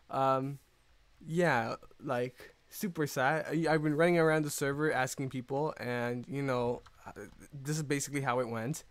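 A man giving casual, rambling commentary over his own gameplay, excitable and quick to mock his own mistakes. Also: medium pitch, dry recording. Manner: excitable, self-mocking, rambling. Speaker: gaming YouTuber.

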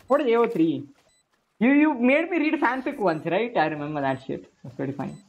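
Lively, excitable woman streamer. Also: fairly high pitch, a little fast. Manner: excitable, swears often, bursts out at the game. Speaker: game streamer. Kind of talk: casual live-stream chat while gaming.

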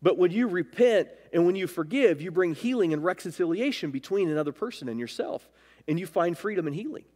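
High-voiced man preaching in a reverberant church. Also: lively intonation, fairly quick, darkish tone. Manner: emphatic, rising and dropping for stress. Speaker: pastor. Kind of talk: sermon. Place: church sanctuary. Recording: long reverb of a church hall.

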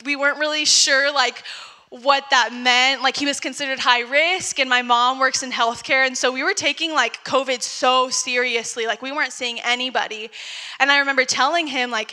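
A woman's voice: high voice, steady tone, moderate pace, pushed and bright, in a large hall. A young woman, giving a casual personal testimony at a young adults service and saying "like" often. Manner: conversational, fills with "like" often.

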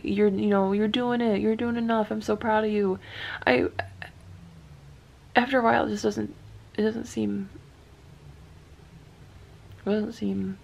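A young woman in her twenties talking to camera in a personal vlog, crying, halting and restarting as she speaks softly. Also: mid-range voice, vocal fry. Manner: halting, restarting, soft-spoken. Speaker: vlogger.

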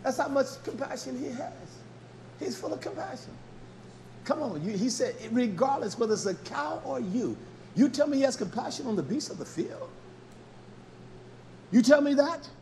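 A man preaching a fiery, scolding sermon, dropping to low mutters and then climbing to loud, pressing exhortation. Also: expressive, moderate pace, pauses often, a little hiss or hum. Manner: blunt, scolding, with mild cursing.

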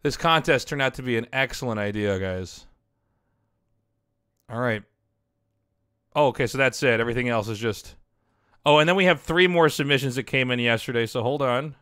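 A man's voice: medium pitch, moderate pace, pauses often, fairly bright tone, clear, resonant tone, no echo, clean studio sound. A man in his thirties on a headset, casually commenting on fan drawings, laughing often and swearing now and then. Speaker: streamer reviewing fan drawings.

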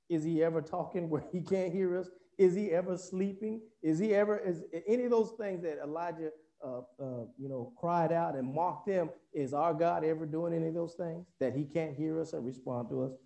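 Mellow-voiced male preacher. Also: fairly high pitch. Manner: conversational, folksy asides, restarts while explaining. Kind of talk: sermon with scripture reading.

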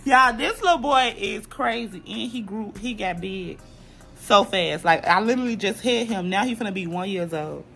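A woman's voice: mid-range voice, animated, moderate pace, vocal fry, fairly bright tone, soft background music. A young woman vlogging casually at home to her viewers, chatty and playful, full of slang. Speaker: vlogger and mother. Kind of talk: casual vlog talk to viewers. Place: home, indoors.

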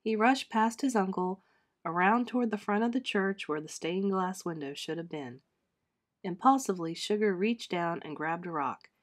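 A woman teacher reading a children's storybook aloud, expressive, lifting her voice for the characters' lines and dropping it softly for narration. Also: moderate pace. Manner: expressive, voices characters with pitch lifts and soft drops.

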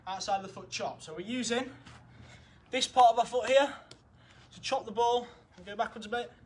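Upbeat and encouraging, a young man with an extremely high-pitched voice coaches football drills outdoors in his garden at normal speed. He counts down each set at home, audibly out of breath.

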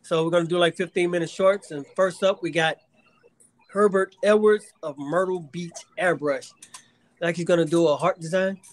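A man hosting a podcast, talking casually and haltingly with many fillers. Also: high voice, steady tone. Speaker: podcast host. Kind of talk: casual chat.

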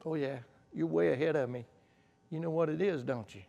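A male pastor preaching a sermon in a church sanctuary, emphatic and repetitive, dropping to quiet asides. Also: on the high side, a little fast, creaky, lo-fi sound. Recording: long church reverb.

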